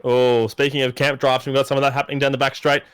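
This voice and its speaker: A man commentating a sim horse race, excitable and jokey in his play-by-play. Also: mid-range voice, fast talker, clean tone, no echo.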